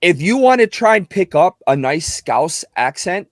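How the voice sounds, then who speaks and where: A man who works as a voice actor, chatting casually as a podcast guest in an animated, thinking-aloud way. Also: high-pitched, unhurried, dry recording, clean studio sound.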